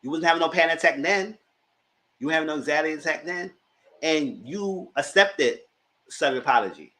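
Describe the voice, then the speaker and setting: Animated man with a higher voice. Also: fairly quick. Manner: animated, mocks people in high put-on voices; colloquial, with "y'all". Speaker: commentator. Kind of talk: casual TV reality show recap. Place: home.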